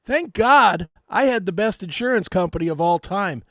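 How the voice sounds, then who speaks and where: A male co-host telling a profane, self-mocking story in animated casual chat. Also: high voice, normal speed, no echo, clean studio sound.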